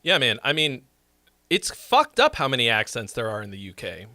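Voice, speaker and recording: A man's voice: mid-range voice, wildly swooping pitch, moderate pace, sharp tone, no room sound. A man chatting casually on a live stream, swearing freely and joking as he rambles. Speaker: streamer and song critic.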